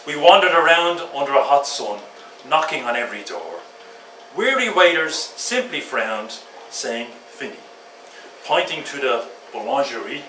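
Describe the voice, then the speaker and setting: A man at a pub open mic, chatting before reading a humorous poem, a lively storyteller with fillers. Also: on the high side. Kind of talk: chatty preamble and poetry reading. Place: pub function room. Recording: roomy pub from a distant mic with background noise.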